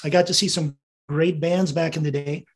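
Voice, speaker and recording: This husky, fairly high-pitched voice belongs to an American veteran in his seventies being interviewed. His intonation stays fairly even at a moderate pace as he tells rambling anecdotes, chuckling and quoting dialogue.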